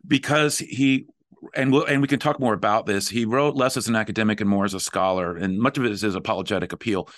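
A middle-aged man hosting a podcast, talking in a relaxed way with fillers and restarts. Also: lowish voice, fast talker, dry recording, studio quality. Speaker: podcast host. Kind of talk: conversational podcast talk.

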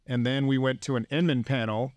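A man's voice: medium pitch, fairly even intonation, brisk, darkish tone, no echo. A man hosting a podcast in casual chat, enthusiastic and chatty. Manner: enthusiastic, chatty, laughs easily. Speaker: podcast host.

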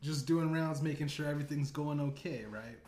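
A man's voice: fairly high pitch, a little fast, darkish tone. Guy rambling thru a crude comedy story, cussing a lot, lots of "you know" and "right", echoey room. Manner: rambling, profane, lots of filler asides. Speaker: podcast host.

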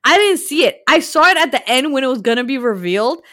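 A woman's voice: high-pitched, lively intonation, fast, fairly bright tone. A young woman co-hosting a casual podcast, talking about a movie emphatically, repeating herself and asking herself rhetorical questions. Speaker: podcast co-host. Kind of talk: casual movie-review chat.

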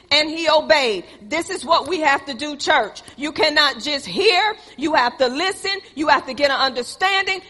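High, bright-voiced woman preaching in a reverberant church. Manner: call-and-response preaching, addressing the congregation directly. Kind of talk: sermon. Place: church sanctuary. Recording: long reverb of a church hall.

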